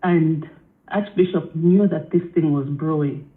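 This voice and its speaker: A man calling a radio show, building his argument calmly through everyday examples. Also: fairly high pitch, measured pace. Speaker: caller. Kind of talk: call-in radio talk. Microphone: phone. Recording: tinny phone line.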